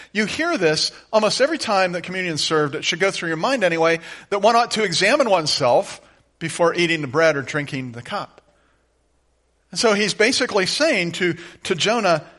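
A man's voice: sits high, bright, forceful tone. A middle-aged man preaching a conversational sermon, asking the listeners direct questions. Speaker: pastor.

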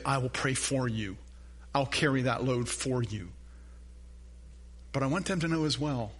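A man's voice: fairly high pitch, pushed and bright. An older man, a grandfather and pastor, preaching a sermon in an earnest, conversational way with personal stories.

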